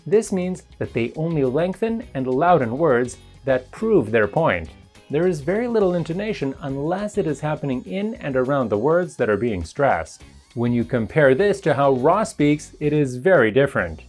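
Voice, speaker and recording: A teacher talks through a pronunciation lesson in a scripted, explanatory narration. The pitch moves a lot from phrase to phrase while the delivery stays measured and even. Faint music plays underneath. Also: husky. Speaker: English teacher.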